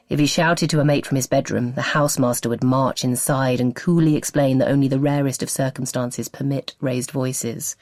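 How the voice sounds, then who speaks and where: A woman narrating a novel as an audiobook, with expressive storytelling. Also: extremely low pitch, vocal fry, no room sound, studio quality.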